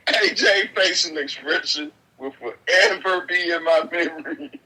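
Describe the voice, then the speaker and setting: A man's voice: high voice, moderate pace, slightly rough, poor audio. A middle-aged father retelling a family video, laughing hard as he talks. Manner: laughing, animated storytelling. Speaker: vlogger's father. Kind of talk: casual phone call.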